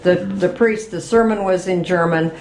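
A woman's voice: fairly low pitch, normal speed, a little mellow, roomy sound, poor audio. An older woman being interviewed, chatty and reminiscing, laughing as she remembers. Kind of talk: oral history interview.

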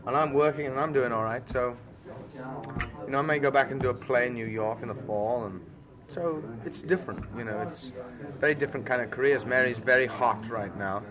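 A man's voice: medium pitch, a little fast. An actor answering interview questions frankly and chattily in a busy restaurant, restarting his words and leaning on "you know". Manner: chatty, frank, repeats words when starting, fills gaps with "you know". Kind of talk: relaxed conversational interview. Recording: loud crowd chatter behind.

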